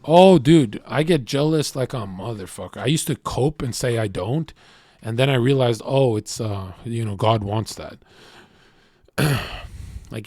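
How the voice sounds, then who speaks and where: Male streamer, brash and profane, animated storyteller, mid-pitched, dry close mic. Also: dry recording. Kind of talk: livestream rant.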